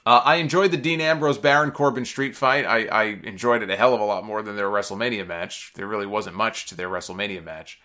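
A man's voice: fairly low pitch, steady tone, a little fast, few pauses, pushed and bright. A man hosting a podcast, giving a casual, opinionated recap in a chatty way with frequent fillers. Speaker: wrestling recap podcast host.

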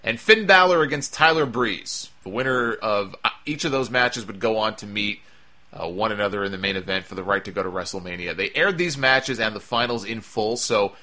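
A man's voice: mid-range voice, bright, forceful tone. A man giving a casual, chatty recap of a wrestling show, with wry asides and frequent fillers.

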